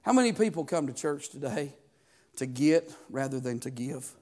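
A man's voice: mid-range voice, animated, moderate pace, warm tone. A man, preaching a sermon as pastor, building fervor and asking the congregation questions. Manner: preaching with rising fervor and call-and-response questions.

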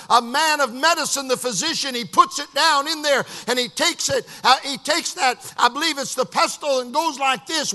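Male pastor, high tenor, bright and ringing, shouts then hushes, echoing sanctuary. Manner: swings from shouting to hushed, sing-song preaching cadence. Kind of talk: sermon. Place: church sanctuary. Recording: long hall reverb.

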